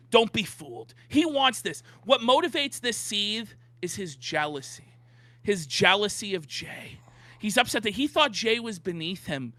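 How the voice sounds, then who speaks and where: High, lively ranting man. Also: no room sound. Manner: ranting, mocking, emphatic repetition. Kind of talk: heated commentary on online drama.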